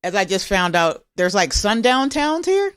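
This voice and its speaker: A woman comedian guest telling stories in a casual podcast chat, animated and laughing often. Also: mid-range voice, normal speed, smooth, no echo.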